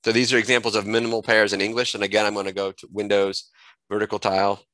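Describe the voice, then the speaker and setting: A man with a fairly low but bright, forward voice talks through a software tutorial at his computer. He thinks aloud, restarts phrases and corrects himself as he clicks along. The sound is dry and close, with no room echo. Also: level tone, fast talker. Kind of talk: screen-recorded software tutorial.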